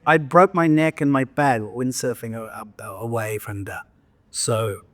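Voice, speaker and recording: An English man in his sixties, his accent softened by years in Australia, recounts his career with frequent "right?" asides and restarts. His voice sits at a middle pitch, recorded dry and close. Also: unhurried, no room sound. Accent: English with some Australian. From England. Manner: anecdotal, self-interrupting, frequent "right?" asides. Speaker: guest, professional speaker. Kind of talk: conversational interview storytelling.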